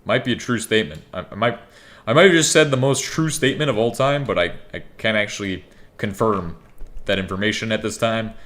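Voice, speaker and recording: A man's voice: fairly low pitch, a little fast, fairly bright tone. A young man giving rambling, joking gameplay commentary, swearing freely. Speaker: gaming YouTuber.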